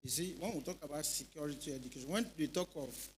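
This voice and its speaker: A middle-aged man with a Nigerian accent speaks to young people in a church hall. His voice sits a little high. He tells stories in a lively, animated way and keeps asking whether the listeners are with him. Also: fast, a little hiss or hum. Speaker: retired police officer speaking at a youth event. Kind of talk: informal speech to a youth audience.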